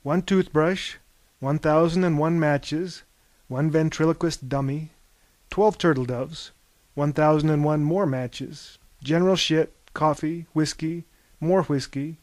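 A man doing a loud boozy fire-keeper. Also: fairly high pitch, fairly even intonation, unhurried, dry recording, natural voice. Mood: rambling.

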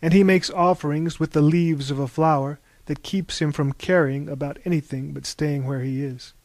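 A man's voice: fairly high pitch, steady tone, normal speed, darkish tone, no echo, close to an everyday voice. A man reading a stern wise warrior goddess. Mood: grave.

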